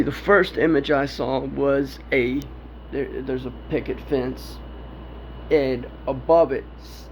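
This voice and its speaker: A man telling a personal story in a rambling, profane way, often laughing. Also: mid-range voice. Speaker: storyteller recounting a personal encounter. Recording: dull lo-fi with faint background noise.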